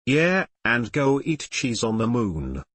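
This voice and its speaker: A wry, determined teenage girl teases in a dry voice, as a male reader puts her on. Her pitch moves in lively swings, close and dry. It is an audiobook reading of fan fiction. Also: slow, no echo, exaggerated voice. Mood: teasing. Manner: dry teasing.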